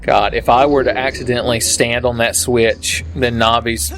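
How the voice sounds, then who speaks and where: This let's play commentator is a young man with a mid-range voice who talks at a normal speed with fairly even intonation. He swears freely and stays sarcastic as he plays a video game, with game music behind him.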